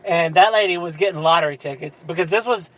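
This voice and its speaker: A man's voice: a little high, fast, fairly bright tone, rough recording. A man co-hosting a podcast, telling a rambling story in casual chat, laughing often and filling with "like" and "uh". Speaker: podcast co-host.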